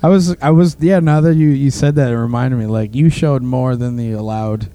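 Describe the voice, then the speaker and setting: Gravelly, relaxed man swearing casually. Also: medium pitch, normal speed. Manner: relaxed, profane, hesitant. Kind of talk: casual chat.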